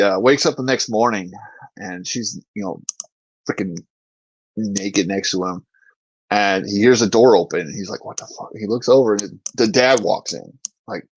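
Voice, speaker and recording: Low-voiced man telling rowdy stories. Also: dry recording, rough recording. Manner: profane, laughs through his stories. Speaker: podcast host, former Marine infantryman. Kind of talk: casual storytelling chat.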